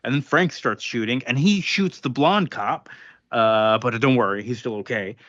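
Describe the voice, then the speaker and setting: A man's voice: medium pitch, normal speed, fairly bright tone, dry recording. Guy rambling through a comic recap, acts out the quotes, dry muffled podcast audio. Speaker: podcast co-host. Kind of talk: casual comic book recap.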